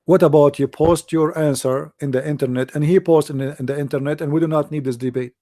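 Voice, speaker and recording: Hoarse, gravelly-voiced man. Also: a little high, quick pace, no echo. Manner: animated, repetitive, many fillers and restarts. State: losing his voice, hoarse. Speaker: debate show host. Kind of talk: casual commentary monologue.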